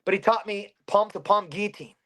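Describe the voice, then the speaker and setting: A man, a bare-knuckle fighter from Pennsylvania, telling a story in an interview in an animated way and swearing constantly. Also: sits high, fairly quick.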